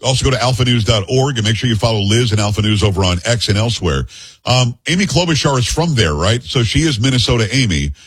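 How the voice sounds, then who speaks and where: A man with a very raspy voice hosts a radio interview and fires off quick, pointed questions. He talks fast. He is heard close and dry, with no room sound. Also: medium pitch, lively intonation, no echo, rough recording. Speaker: talk show host.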